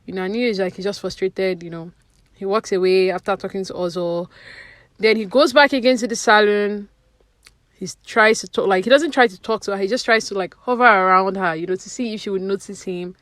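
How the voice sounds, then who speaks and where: A woman's voice: medium pitch, brisk, a bit bright, no room sound. Chatty woman recapping reality TV. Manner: chatty, opinionated, many fillers like "you know". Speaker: reality TV commentary vlogger. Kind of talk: casual recap commentary.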